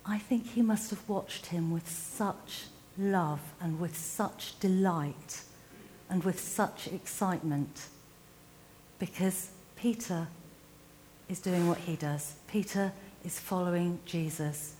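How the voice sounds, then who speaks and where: A woman preaching a reflective sermon, retelling a scripture story with slow, emphatic pauses. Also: lowish voice, dark tone, slight background noise, poor audio.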